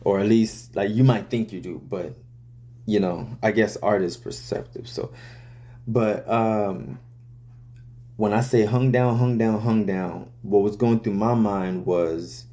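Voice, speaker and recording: Laid back guy with a lowish mellow voice, rapper breaking down his lyrics, swears a lot, lots of you know and uh. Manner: loose, profane, full of "you know" and "uh". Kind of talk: casual talk to camera.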